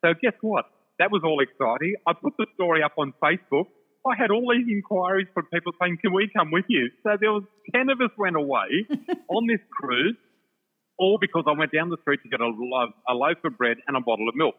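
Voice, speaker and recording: A man telling an animated personal story, laughing often and acting out the other voices, from a shopping centre. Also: a little high, fairly quick, slightly rough. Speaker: storyteller guest. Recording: tinny phone line with long reverb.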